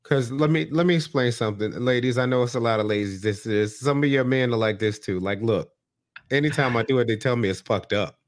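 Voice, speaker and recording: Man, mid-pitched voice, slangy, profane, casual podcast banter. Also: a little fast. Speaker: podcast co-host. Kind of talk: casual chat recapping a reality show.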